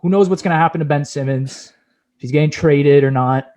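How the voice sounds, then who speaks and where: A man's voice: a little high, a little fast, darkish tone, a little hiss or hum. A young man co-hosting a sports podcast, brash and opinionated, casually swearing as he talks playoff picks.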